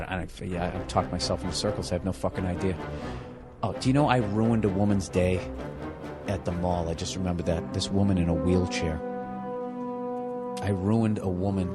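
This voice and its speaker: A man streaming a game, telling rambling, profane stories in a casual way and laughing at himself. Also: sits low. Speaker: gaming streamer. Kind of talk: casual storytelling while gaming. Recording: game music behind voice. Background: game music.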